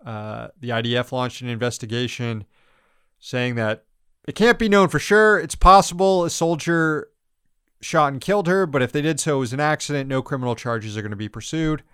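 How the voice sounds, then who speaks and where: A man's voice: medium pitch, normal speed, a bit bright, smooth, no room sound, clean studio sound. A man hosting a podcast, giving blunt, sarcastic commentary on the news with frequent laughs and swearing. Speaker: podcast host.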